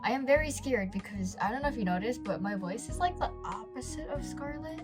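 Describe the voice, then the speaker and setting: A woman's voice: fairly high pitch, lively intonation, a little fast, hardly any pauses, over music. A woman narrating her animation vlog in a chatty, self-deprecating way. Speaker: animation YouTuber.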